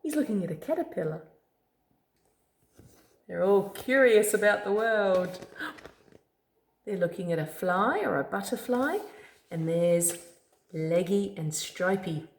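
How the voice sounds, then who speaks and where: A woman reading a picture book aloud to a child, slow storytelling with friendly asides. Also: medium pitch, expressive. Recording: echoey room.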